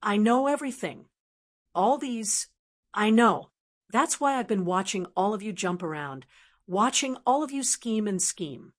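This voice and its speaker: A woman voicing a calm, composed young woman who speaks softly with quiet mockery in an audiobook reading. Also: medium pitch, unhurried, close to an everyday voice. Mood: triumphant. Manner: soft, faintly smiling, composed. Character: calm mocking young woman, cool heroine.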